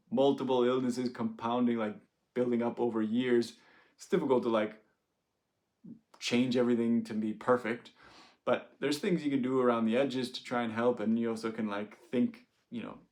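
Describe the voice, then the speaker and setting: A man's voice: mid-range voice, creaky, a little mellow. A man in his thirties, a doctor talking casually to camera, chatty and often laughing, with many "like" fillers. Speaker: doctor sharing stories. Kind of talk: casual direct-to-camera talk.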